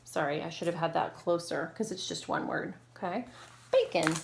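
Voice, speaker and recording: A woman's voice: on the low side, a little fast, gravelly, a little hiss or hum. A woman teacher leading a recorded reading lesson for children, prompting syllables and praising each answer.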